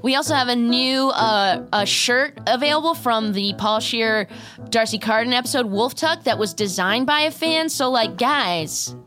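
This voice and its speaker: A woman's voice: a little high, moderate pace, sharp tone, soft background music. A woman co-hosting an improv comedy podcast, bubbly and enthusiastic, often laughing. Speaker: podcast co-host.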